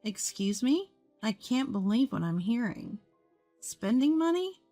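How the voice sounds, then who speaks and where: A woman narrating a first-person story in a calm, measured way. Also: a little high, no echo. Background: faint music.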